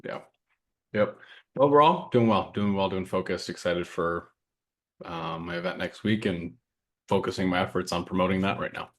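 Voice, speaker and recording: A man co-hosting a casual podcast, talking earnestly and reading a list of sayings aloud in a steady way. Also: low voice, moderate pace, gravelly. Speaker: podcast co-host and coaching business owner.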